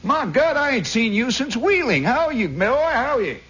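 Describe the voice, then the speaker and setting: A man's voice: very high-pitched, big pitch swings, normal speed, fairly bright tone, breathy edge, pitched above the performer's own voice, exaggerated voice. A man voicing a hearty country man greeting old buddies, on a dull 1960s radio recording. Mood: jovial.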